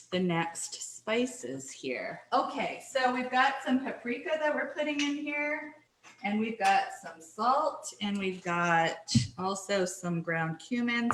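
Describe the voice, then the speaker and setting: A woman's voice: mid-range voice, slow, fairly bright tone, reverberant, a little hiss or hum, low-quality recording. A middle-aged Canadian woman hosting a casual cooking show from her kitchen, chatty and self-deprecating, apologizing often as she works. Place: home kitchen.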